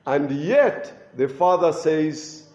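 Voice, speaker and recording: A man preaching at a slow, deliberate pace, his high voice swinging widely between lifted and lowered tones. He leans into key phrases and repeats them for weight. The sound carries the echo of a reverberant room. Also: animated, a little mellow. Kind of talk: sermon.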